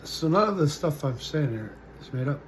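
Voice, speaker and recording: A man in his forties telling his own story as a vlogger, halting and full of fillers, his sentences often trailing off quietly. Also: a little high, animated, slight background noise. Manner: halting, full of "uh" and "you know", trailing off softly. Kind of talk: personal storytelling to camera.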